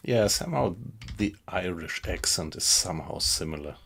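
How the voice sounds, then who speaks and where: Low gravelly guy streaming a game from his little computer room, laid back chatty, faint clicks behind. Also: a little hiss or hum. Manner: relaxed, unhurried, greets viewers chattily. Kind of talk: casual live-stream chat while playing. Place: small home computer room.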